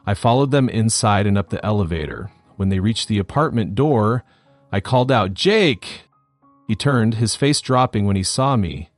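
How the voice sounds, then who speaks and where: A man with a fairly low voice narrates a scripted first-person story. His delivery is steady and matter-of-fact. The sound is dry and close, with faint music underneath. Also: normal speed, dry recording.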